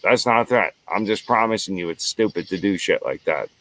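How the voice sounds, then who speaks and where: A man's voice: deep voice, a little fast, fairly bright tone, dry recording. A man hosting his own show, delivering an angry, profane solo rant full of repeated lines. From United States. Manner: profane, heated, repetitive. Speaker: show host.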